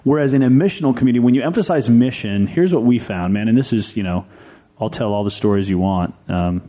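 A man's voice: mid-range voice, quick pace, dark tone. A man who is a pastor and podcast co-host, explaining ideas earnestly in a casual discussion and thinking aloud with frequent restarts.

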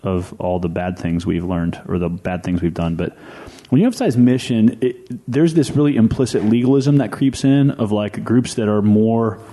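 A man's voice: lowish voice, steady tone, normal speed, warm tone. A man who is a pastor and podcast co-host, explaining ideas earnestly in a casual discussion and thinking aloud with frequent restarts.

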